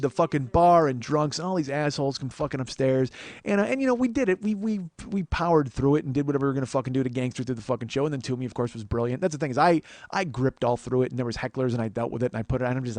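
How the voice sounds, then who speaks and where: A man's voice: mid-range voice, dry recording. A man hosting a podcast, telling a road story alone, swearing freely and acting out what people said. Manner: profane, animated, acts out quotes. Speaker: podcast host. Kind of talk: solo storytelling monologue. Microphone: podcast mic.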